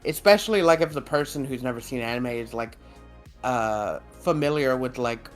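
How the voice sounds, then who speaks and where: A man chatting on a podcast at a middling pitch, rambling through his points with plenty of fillers, casual swearing and laughter. Faint music sits in the background. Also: normal speed. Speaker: podcast co-host. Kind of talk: casual chat.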